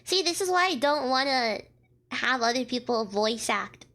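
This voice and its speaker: A woman's voice: fairly high pitch, lively intonation, moderate pace, fairly bright tone. A woman streaming a story game, reading the lines aloud and breaking off into exasperated comments.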